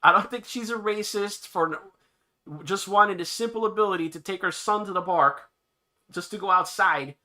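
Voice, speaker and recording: Bright-voiced man hosting a commentary stream. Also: high voice, normal speed. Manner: sarcastic, laughing often. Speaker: livestream host. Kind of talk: commentary on news clips.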